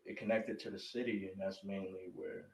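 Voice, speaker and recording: A man's voice: low-pitched, level tone, normal speed, creaky, roomy sound, poor audio. A young man talking casually as a guest in an interview, laid-back and peppering his talk with "you feel me". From northern Illinois. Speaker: guest rapper.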